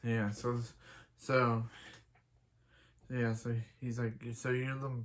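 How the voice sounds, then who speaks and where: A man reviewing a TV episode in a casual recap, rambling through scenes and retelling them with lots of filler. He quotes the characters in his own everyday voice. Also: medium pitch. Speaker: TV show reviewer.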